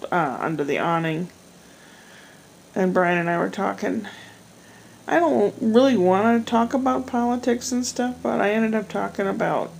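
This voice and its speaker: Gravelly-voiced middle-aged woman rambling. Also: fairly low pitch, a little mellow, a little hiss or hum, poor audio. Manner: rambling, chatty, self-deprecating. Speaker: vlogger. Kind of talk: casual chat. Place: home at night.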